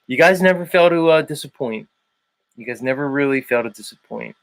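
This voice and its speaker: A man hosts a livestream, chatting casually in a gravelly, medium-pitched voice at a fairly quick pace. He reads out viewers' names from the chat and argues his points.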